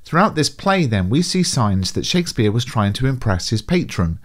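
A man who narrates a scripted literature lesson, explaining in a clear, measured way. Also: medium pitch, big pitch swings. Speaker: teacher.

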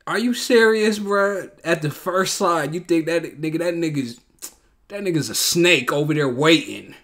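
A man's voice: on the high side, moderate pace, a bit bright. Profane, fired-up man reacting to a show. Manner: blunt, profane slang, repeats himself with rising outbursts. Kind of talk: casual reaction commentary.

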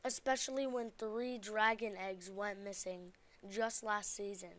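A woman's voice: medium pitch, measured pace. A young woman hosting a gaming channel, chatting casually while she plays and shrieking at what happens on screen. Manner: excitable, gasping and shrieking at the game. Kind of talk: casual game commentary.

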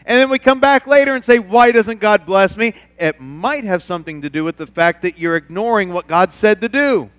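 A man who is a pastor, preaching a sermon at his church, who climbs to emphatic, near-shouted passages and then drops to soft, low, intimate talk. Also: expressive, brisk, few pauses, clean tone, big-room sound. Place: church sanctuary.

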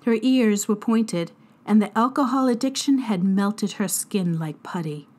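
A woman teacher reading a chapter book aloud to students in a deliberate, expressive narration. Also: medium pitch. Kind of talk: storybook read-aloud narration.

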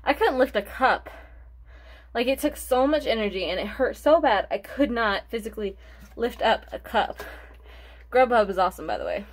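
A woman's voice: on the high side, lively intonation, moderate pace. A young woman chatting casually through a makeup tutorial, rambling and forgetful, short of breath and sighing between thoughts. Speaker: beauty vlogger.

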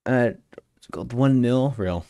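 A man's voice: mid-range voice, normal speed, creaky, warm tone, dry recording, clean studio sound. A young man live-streaming a game, chatting casually and teasing his viewers in a joking way. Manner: joking, teasing chat banter.

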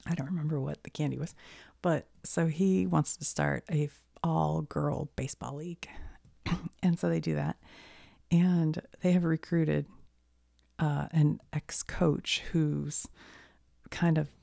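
A woman with a cold chatting in a soft-spoken ASMR style, half-whispering and rambling, laughing often, close to the mic. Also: sits low, fairly even intonation, a little slow, vocal fry, no echo. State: has a cold. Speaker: ASMR creator.

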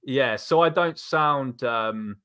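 A man's voice: medium pitch, slow, bright, forceful tone, clear, resonant tone. A man from southeast England with a southeast English accent, hosting an interview and asking long, rambling questions filled with hedging fillers. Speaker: host. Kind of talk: casual interview chat.

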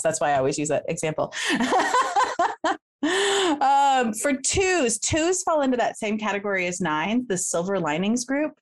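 A woman guest coach talking casually in an interview, chatty, laughing often and acting out quick quoted examples. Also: mid-range voice. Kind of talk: casual explanatory interview talk.

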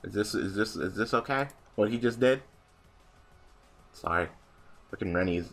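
A young man giving casual gameplay commentary, swearing and ranting in exasperation, swinging between mumbled asides and loud outbursts. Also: on the low side, moderate pace, long pauses. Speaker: gaming channel host.

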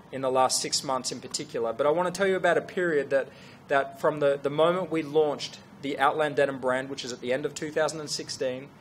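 A middle-aged man tells a story to an audience, earnest and animated, with frequent restarts. His voice sits in a middle register. A faint hum runs underneath. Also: medium pitch. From Australia. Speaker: fashion brand founder.

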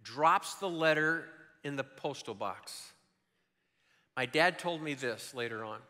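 Bright-voiced older man preaching in a hall. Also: fairly high pitch, slow. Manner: animated storytelling, shifting between loud and hushed. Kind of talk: sermon.

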